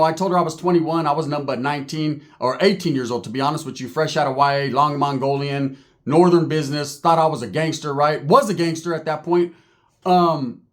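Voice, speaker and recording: A man with a fairly high-pitched voice tells a comic story from his own life in profane, streetwise language, asking "right?" again and again.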